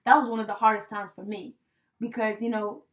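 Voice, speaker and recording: A young woman co-hosting a podcast, telling a personal story in casual chat, heartfelt and animated, with many fillers like "you know" and "right?". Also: mid-range voice, a little fast. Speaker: podcast co-host. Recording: voice a bit distant from the mic.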